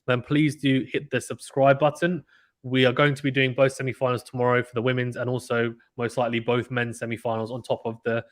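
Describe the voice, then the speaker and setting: A man giving casual, excitable play-by-play commentary of a tennis match from home, chatting with viewers between points. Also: medium pitch. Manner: chatty, excitable, reacts loudly to misses. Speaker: live stream commentator.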